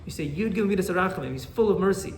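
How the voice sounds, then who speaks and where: A man, a rabbi, teaching an animated Torah class and often checking in with "right?". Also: high voice, very fast, roomy sound, a little hiss or hum.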